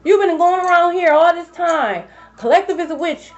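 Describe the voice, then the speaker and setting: A woman's voice: very high-pitched, normal speed, soft background music. A woman giving a collective tarot reading, blunt and profane, repeating her points for emphasis. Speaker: tarot reader. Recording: dull lo-fi recording.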